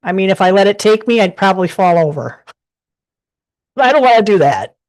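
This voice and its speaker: A woman's voice: medium pitch, expressive, a little fast, darkish tone. Chatty woman giving a rambling tarot reading. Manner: rambling, chatty, many restarts. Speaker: tarot reader. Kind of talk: casual live tarot reading. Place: home desk.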